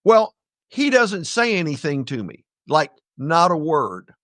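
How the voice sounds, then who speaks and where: A man's voice: fairly high pitch, sing-song, a little slow, fairly bright tone, no room sound, studio quality. An older man, a podcast guest, telling a personal story with jokey, blunt asides to the listeners. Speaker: guest, ethics speaker.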